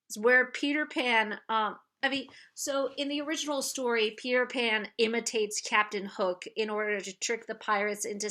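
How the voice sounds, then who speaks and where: Slow, bright-voiced woman reviewing a film. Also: on the high side. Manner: halting, many restarts and self-corrections; laughs often while talking. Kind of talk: casual spoken film review.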